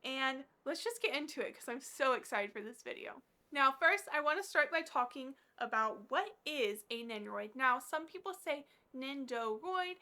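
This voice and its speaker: A woman chatting to camera as a regular vlogger, bubbly and gushing, with fillers scattered through her talk. Her voice sits high and sounds bright and crisp. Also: animated, normal speed. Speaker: collector vlogger. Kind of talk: casual chat to camera.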